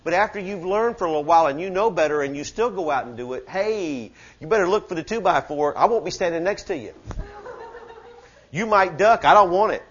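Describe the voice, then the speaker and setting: Brisk and animated, this pastor has a high-sitting voice with a breathy edge, and the audio's highs are cut off. His sermon to the church service is fervent and conversational, with hushed asides, shouted questions and call-and-response.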